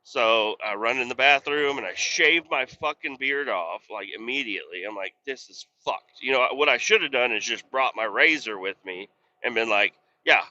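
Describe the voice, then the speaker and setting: Man, casual podcast host, swears freely, exasperated rambling story; very bright voice, slightly dull lo-fi recording. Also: medium pitch.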